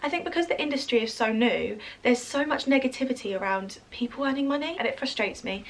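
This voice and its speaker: Fast-chatting English woman influencer. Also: fairly high pitch, fairly bright tone. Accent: English, drifting toward American. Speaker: social media influencer. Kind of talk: casual chat to camera.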